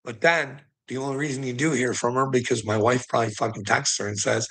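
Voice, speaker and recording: A man's voice: medium pitch, fairly even intonation, fast talker, fairly bright tone, breathy edge. A man on an angry livestream rant, swearing heavily and sounding bitter and indignant. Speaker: streamer.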